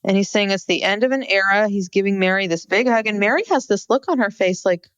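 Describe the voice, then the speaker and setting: A woman's voice: medium pitch, a little fast, fairly bright tone, clean tone, no echo. A woman co-hosting a podcast, recapping a reality show in casual chat with a wry, sardonic manner. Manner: wry, sardonic, narrates scenes. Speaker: podcast co-host.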